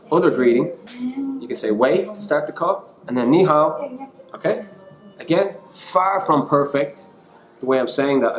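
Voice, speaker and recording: An Irish man giving a casual teaching talk, chatty and self-deprecating, mixing in bits of other languages. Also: medium pitch. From Ireland. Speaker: online English teacher. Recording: echoey room.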